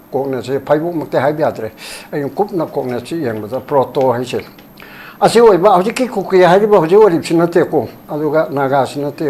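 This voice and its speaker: An older man speaks in a rapid, emphatic flow during a political interview, his voice set a little high. Faint noise hums under the recording. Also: darkish tone. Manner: rapid, emphatic, quotes documents in English. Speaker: former human rights commission chairperson, interview guest.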